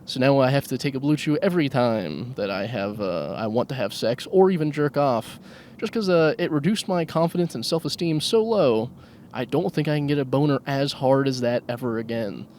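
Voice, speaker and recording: A man drives while hosting a solo comedy podcast from his car, crude, self-mocking, and often laughing. His medium-pitched voice is expressive, a little mellow, and at normal speed. He uses a handheld microphone, with a little hiss or hum.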